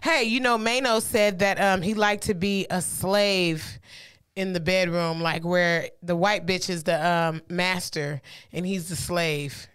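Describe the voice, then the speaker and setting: A woman's voice: on the low side, fairly even intonation, a little slow, a bit bright, clean tone. A woman co-hosting a podcast in casual chat, curious and asking questions. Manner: curious, laughing. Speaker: podcast co-host.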